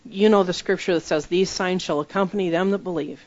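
A woman's voice: fairly even intonation, fairly quick, a little mellow. A middle-aged woman preaching a sermon and leading a guided visualization, acting out voices in the story. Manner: leads guided visualization, acts out quoted voices with rising pitch. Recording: dull lo-fi recording.

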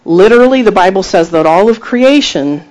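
A man preaching a sermon, retelling scripture with emphatic, animated delivery and acted-out quotes. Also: sits high, moderate pace, rough recording. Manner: animated storytelling, acting out quoted voices; emphatic, rising to exhortation.

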